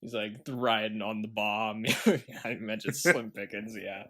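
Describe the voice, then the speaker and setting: A man's voice: fairly low pitch, fairly even intonation, measured pace, a bit bright. A man co-hosting a movie podcast in casual chat, laughing often and quoting film lines. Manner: laughs often, quotes lines, loose and rambling. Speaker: podcast co-host.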